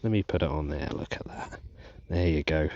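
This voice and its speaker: A man narrating his metal detecting dig to viewers, giddy and breathless with excitement. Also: a bass voice, moderate pace, dry recording, muffled recording. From England. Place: outdoors in a field.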